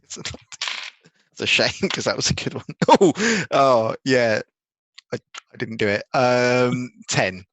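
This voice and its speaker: A man's voice: medium pitch, big pitch swings, slow, long pauses, fairly bright tone, no echo. A man playing in a tabletop game, casual and a bit hesitant, asking the game master questions. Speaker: player.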